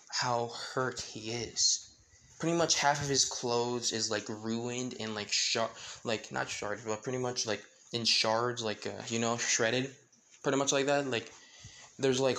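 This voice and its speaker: A man's voice: medium pitch, a bit bright, low-quality recording. A man casually retelling a fan-made crossover story, rambling with many fillers and restarts. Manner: rambling, full of "pretty much" and "like", frequent restarts.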